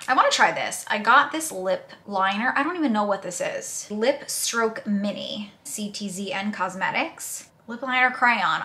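Bright-voiced woman chatting through makeup. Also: medium pitch, animated, moderate pace, few pauses. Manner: chatty and self-deprecating, narrating each step aloud. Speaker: beauty vlogger. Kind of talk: casual makeup tutorial chat.

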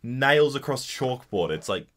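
A man's voice: medium pitch, a little slow. Sarcastic young man mocking bad memes. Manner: mocking, animated, bursts into loud outbursts and voices. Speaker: comedy commentary host. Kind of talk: sarcastic meme commentary.

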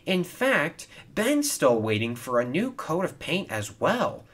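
A man's voice: fairly high pitch, huge pitch swings, unhurried, fairly bright tone, voice pushed up, full character voice. A man voicing a cheeky, scheming male steam engine in a storybook reading, chirpy and sly.

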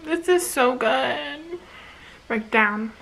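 A young woman vlogger reacting excitedly at home, gushing and repeating herself with lots of fillers in casual chat. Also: sits high, very slow, vocal fry, low-quality recording.

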